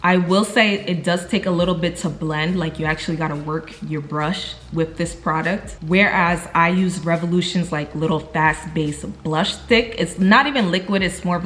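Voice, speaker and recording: Speaking to camera at home, this young woman from New York has a lowish, slightly bright voice and a moderate pace, with slight background noise. She's a chatty, slangy vlogger with a New York accent who calls her viewers "y'all."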